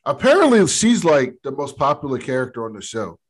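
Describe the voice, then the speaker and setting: Man, casual podcast chat, slangy storytelling, quoted dialogue, middle pitch. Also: huge pitch swings, fairly quick, breathy edge. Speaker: podcast co-host. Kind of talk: casual chat recapping a TV episode.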